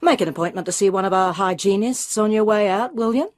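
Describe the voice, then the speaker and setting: A woman voicing a fit man of about forty, an Australian dentist with an offhand, brisk manner. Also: medium pitch, natural voice.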